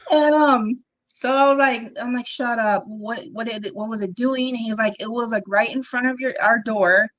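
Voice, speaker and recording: A woman's voice: a little high, normal speed, dull audio. Chatty young woman telling ghost stories. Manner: animated, acts out quoted dialogue, frequent ums and laughs. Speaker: interview guest. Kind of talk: casual storytelling conversation.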